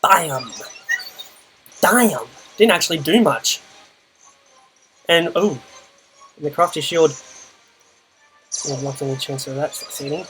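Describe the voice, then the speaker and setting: Young male host, slightly high voice, dry muttered play-by-play, soft music bed underneath. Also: slow pace, long pauses, rough recording. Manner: muttered, dry running commentary with groans and sighs. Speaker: channel host and player. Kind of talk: live gameplay commentary.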